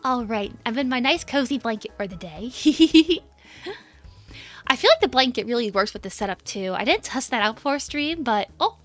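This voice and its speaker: A woman's voice: a little high, animated, moderate pace. A young woman streaming as a VTuber, chatting casually and giggling often as she greets her chat by name. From United States.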